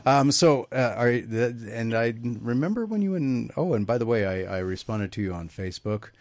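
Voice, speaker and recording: A man's voice: mid-range voice, animated, moderate pace, a little mellow, dry recording. A man hosting a radio interview who jokes and laughs easily. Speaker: radio show host. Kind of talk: casual interview.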